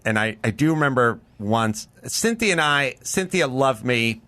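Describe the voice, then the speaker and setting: Male host, casual storyteller, bright tone, loose and rambling delivery. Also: medium pitch, animated, measured pace, hardly any pauses, no echo. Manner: storytelling, lots of fillers like "like". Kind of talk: casual chat.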